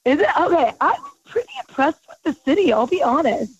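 A woman's voice: high voice, big pitch swings, no echo. Chatty woman on a dull, lo-fi line. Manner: chatty, quick reactions, easy laughter. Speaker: guest from the hospitality industry. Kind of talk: casual chat. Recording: dull, lo-fi sound.

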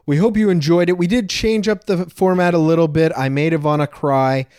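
A man's voice: on the high side, steady tone, fairly quick, a little mellow, smooth, no echo. Earnest man on a dry podcast mic. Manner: earnest, gets worked up and preachy. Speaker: podcast co-host. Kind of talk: casual podcast chat.

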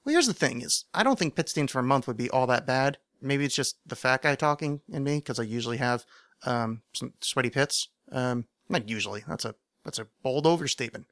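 A man's voice: medium pitch, expressive, fairly quick, fairly bright tone, no echo. A man hosting his own podcast, rambling along in loose, jokey chatter full of fillers. His voice sits in a middle range and is recorded close and dry, with no room sound. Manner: rambling and self-mocking, many fillers. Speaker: podcast host. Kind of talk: casual solo podcast chat.

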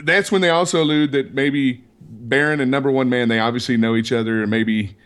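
A man co-hosting a podcast, chatting casually and excitedly about a film and laughing often. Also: mid-range voice, fairly quick, clean tone. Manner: excited, laughs often, explains plot at length. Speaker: podcast co-host. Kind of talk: casual movie review chat.

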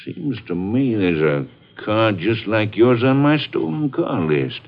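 Aging lawman, easygoing drawl, low lively voice, dull vintage broadcast. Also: unhurried, exaggerated voice. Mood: genial. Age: older. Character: elderly small-town male constable. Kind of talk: 1950s radio drama acting. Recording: muffled old radio broadcast.

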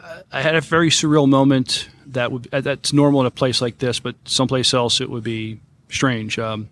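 A man hosting a podcast live at a convention, talking in a relaxed, friendly way. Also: mid-range voice, moderate pace. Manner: relaxed and friendly, asks questions, laughs easily. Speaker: podcast host. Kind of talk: casual chat recorded live at a convention. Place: convention hall behind a curtain.

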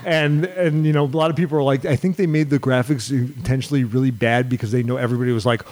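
A man co-hosting a casual chat, telling stories in an animated way and breaking into high-pitched impressions of other people. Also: fast. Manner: animated storyteller, mimics people in high voices.

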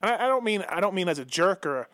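Male podcast host, slightly high voice, laid-back and chatty, dry sound. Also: big pitch swings, fast, fairly bright tone, no room sound. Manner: easygoing, asks questions, frequent "yeah". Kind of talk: casual chat.

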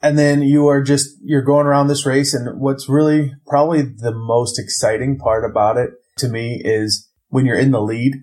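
A man from Ohio co-hosts a casual board game chat. His voice sits at an ordinary middle pitch, and he explains things in an easygoing, rambling way. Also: little pitch movement, moderate pace, hardly any pauses, darkish tone. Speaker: podcast co-host.

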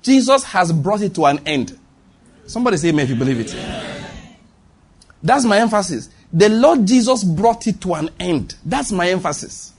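A man's voice: high-pitched, sing-song, moderate pace, husky. A Nigerian man preaching a sermon with a Nigerian accent, emphatic and repetitive, calling on the congregation to respond. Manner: emphatic, repeats lines for stress, calls on the congregation.

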